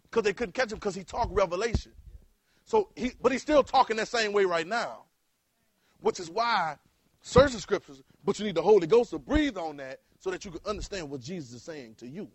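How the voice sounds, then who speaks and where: A male preacher, delivering a sermon in call-and-response style that rises to loud exhortation. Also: sits high, expressive, a little fast.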